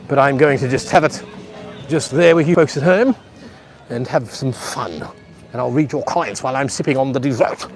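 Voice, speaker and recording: His voice is fairly high and a little mellow. Strolling through a beach resort's outdoor pool area, this livestream vlogger rambles on in live tour commentary aimed at viewers at home, recorded on a handheld phone camera.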